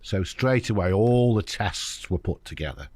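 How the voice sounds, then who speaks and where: A man's voice: on the low side, animated, moderate pace, darkish tone, no echo. Frank older man telling a story. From United Kingdom. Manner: frank, anecdotal, acts out quoted voices. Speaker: podcast guest. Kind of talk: candid conversational storytelling.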